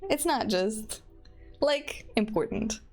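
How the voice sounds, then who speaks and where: A young woman streamer with a Michigan accent, talking in an unhurried, rambling way. She chats casually about her own pronunciation, with faint music behind her voice. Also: a little high, animated, a little mellow. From Michigan, USA. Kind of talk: casual chat while gaming.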